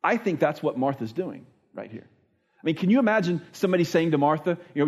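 Pastor guy preaching casual style, kinda high voice, stumbles and restarts a lot. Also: sing-song, fairly quick. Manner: earnest, repeats words while restarting thoughts; acts out quoted speech with voices. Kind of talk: conversational sermon.

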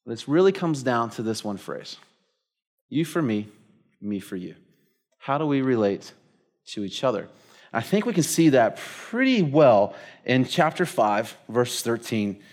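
Animated storytelling male pastor. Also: medium pitch, moderate pace. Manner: casual storytelling with many fillers. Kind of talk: sermon.

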